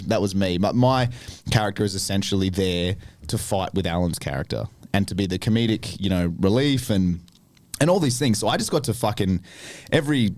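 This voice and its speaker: A young adult man, a podcast guest telling animated stories about acting work, swearing often. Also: low voice, dry recording. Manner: animated storytelling with lots of swearing. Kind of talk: casual chat.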